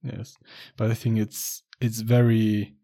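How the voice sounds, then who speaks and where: A man's voice: on the low side, flat delivery, slow, mellow. A man chatting casually, rambling a little and hesitating with many restarts. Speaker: conversation partner. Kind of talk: casual chat.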